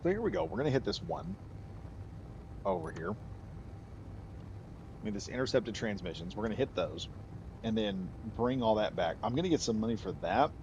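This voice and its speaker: Low-voiced man rambling through gameplay. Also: very animated, normal speed, pauses often, dull audio, noisy background. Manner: rambling, chatty, laughs at own tangents. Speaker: game streamer. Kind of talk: casual live gameplay commentary.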